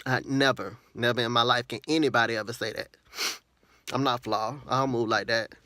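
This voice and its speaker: A man's voice: mid-range voice, fairly even intonation, fairly quick, pushed and bright, no room sound. A man, talking earnestly and at length to his viewers in a personal vlog, venting about a friend. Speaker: vlogger.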